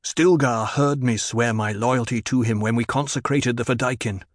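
A man's voice: mid-range voice, moderate pace, no echo, clean studio sound, natural voice. A man voicing a resolute young male duke turned desert leader in an audiobook reading, speaking firmly and with command. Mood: earnest. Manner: firm and commanding.

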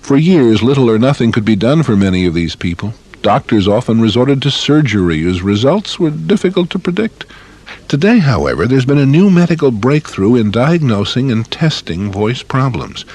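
A man's voice: mid-range voice, very animated, moderate pace, a little mellow, husky. A man reading a scripted public service announcement in an earnest, explanatory way.

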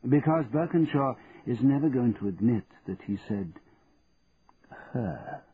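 A man playing a brisk, reassuring gentleman in an audiobook, heard over a tinny line. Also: medium pitch, lively intonation, voice pushed up, natural voice. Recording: tinny narrow band, faint hiss.

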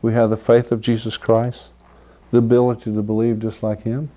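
A man's voice: on the low side, completely flat delivery, normal speed, dark tone. A man preaching an informal sermon, reading scripture aloud and often asking the listeners if they understand. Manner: conversational, asks "do you understand?" often; acts out quoted figures with laughter.

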